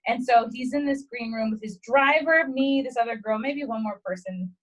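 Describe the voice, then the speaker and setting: A young adult woman, guest comedian on a casual podcast, tells an animated story at normal speed, swearing freely and acting out quotes. Her pitch is fairly high, and the audio is poor.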